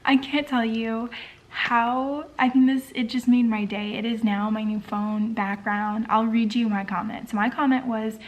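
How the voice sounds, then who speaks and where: A woman talking casually in a personal vlog at home at bedtime, gushing with excitement and gratitude, sometimes dropping into soft near-whispers. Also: a little high, unhurried, dull audio. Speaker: vlogger.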